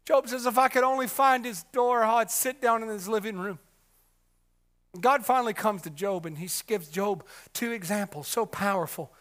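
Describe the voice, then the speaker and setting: A man with a high, bright voice preaches a sermon. His delivery is dramatic, climbing to ringing shouts and then dropping to hushed whispers. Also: normal speed.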